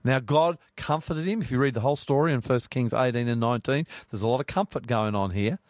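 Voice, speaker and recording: A man leads a Bible study on the radio, earnest and often swelling into emphatic preaching. His voice sits at an ordinary pitch. The studio sound is close and dry. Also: brisk, a little mellow, dry recording. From Australia. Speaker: radio host.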